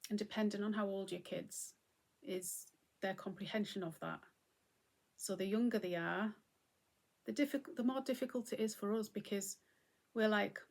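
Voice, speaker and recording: A middle-aged woman giving a gentle, conversational talk on mindfulness and acceptance as host. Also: mid-range voice, moderate pace. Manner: gentle, conversational, often acting out what she would say.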